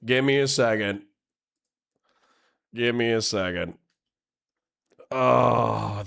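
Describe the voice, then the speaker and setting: A man's voice: fairly low pitch, gravelly, fairly bright tone. A man livestreaming, talking straight to his chat audience, swearing freely and breaking into fits of laughter. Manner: giggly, profane, breaks into laughter often. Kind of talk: casual livestream reaction chat.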